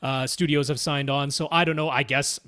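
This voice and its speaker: Canadian podcast guy, higher voice, explains tech stuff at length, laughs a lot. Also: fairly even intonation, brisk, sharp tone, clean tone. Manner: explanatory, technical, laughs often. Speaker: podcast co-host. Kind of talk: casual podcast chat.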